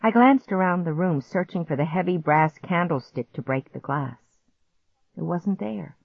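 A woman with a fairly low voice narrates a scary story, building tension. The sound is dry and close, with a dull, lo-fi quality. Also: normal speed, gravelly, husky, dry recording. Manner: tense, suspenseful storytelling. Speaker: audiobook narrator. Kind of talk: scripted first-person narration.

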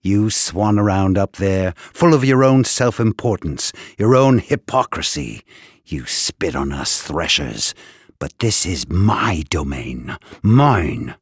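A man puts on a sadistic prison warden in an audiobook, his voice very deep and husky with wide, swooping inflection. He taunts his captive slowly and gloatingly, every word dripping with cruelty. The recording is dry and close. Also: wildly swooping pitch, dry recording, heavily acted. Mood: ranting. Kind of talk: audiobook character voice.

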